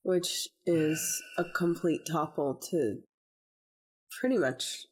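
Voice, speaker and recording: A woman's voice: low-pitched, slow pace, low-quality recording. A woman hosting a podcast, engaged in casual conversation and prompting her guests with questions. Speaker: podcast host.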